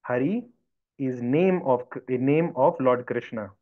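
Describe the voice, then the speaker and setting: A man's voice: medium pitch, measured pace. A man, teaching by storytelling in a devotional lesson and acting out the voices of villagers. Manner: animated, acts out voices of villagers. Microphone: video call. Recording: dull lo-fi video call audio.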